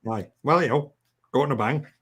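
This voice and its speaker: A Welsh man in improvised comedy chat, throwing in quick, agreeing banter. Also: medium pitch, a bit bright, husky. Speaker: comic guest.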